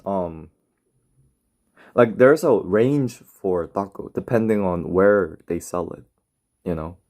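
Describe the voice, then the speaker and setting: A man's voice: low voice, darkish tone. Rambling casual male streamer. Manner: rambling, filler-heavy, chatty. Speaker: streamer reading chat. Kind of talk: casual live-stream chat. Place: home, in bed.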